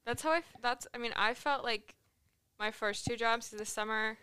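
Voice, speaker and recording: A woman's voice: fairly high pitch, normal speed, pushed and bright, clear, resonant tone. A young woman chatting casually as a co-host, rambling through a story with constant "like"s. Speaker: podcast co-host. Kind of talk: casual chat.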